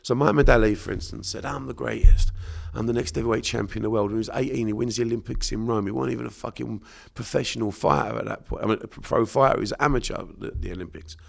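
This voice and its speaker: Very fast with hardly any pauses, this medium-pitched male voice carries vocal fry. The speaker, an unconscious mind therapist from Bermondsey with a South London accent, is a guest on a casual podcast interview and talks in a blunt, sweary, emphatic way.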